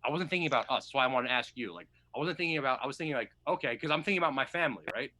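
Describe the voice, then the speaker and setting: Man, podcast co-host, bright forceful tone, dry close sound, rambling and profane. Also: mid-range voice, racing, no echo. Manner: rambling, profane, loses his thread. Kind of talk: casual chat.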